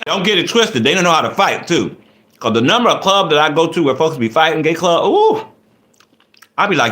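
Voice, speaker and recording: On a casual livestream, a man with a higher, fairly quick voice reads viewers' comments and riffs on them. The delivery is lively and animated, full of playful laughter and teasing.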